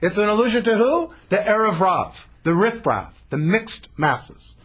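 A man's voice: high voice, expressive, unhurried, fairly bright tone, husky. A man teaching a Torah text-study class, explaining animatedly and dropping Hebrew terms into his English.

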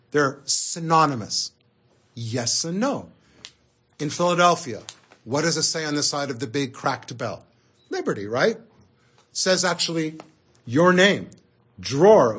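A man giving an animated Torah lecture as a rabbi, talking conversationally and asking the audience rhetorical questions. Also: on the high side, breathy edge.

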